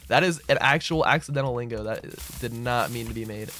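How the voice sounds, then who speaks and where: Speaking a little fast in a mid-range voice, a server owner streams his gameplay and talks easily with his audience. He responds to chat out loud with a relaxed air, throws "bro" around often, and has music going behind him.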